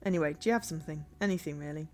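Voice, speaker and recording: A woman's voice: sits low, rapid-fire, lightly acted. A woman voicing a tired young male band leader who sounds weary and defensive.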